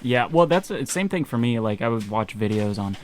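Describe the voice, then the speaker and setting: A young man co-hosting a podcast in relaxed casual chat, laughing easily and calling his friend dude. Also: mid-range voice, fairly quick. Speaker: podcast co-host.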